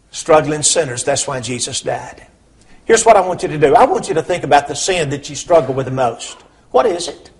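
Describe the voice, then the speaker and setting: A man preaching a sermon, swinging between hushed, low lines and loud, emphatic questions. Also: breathy edge.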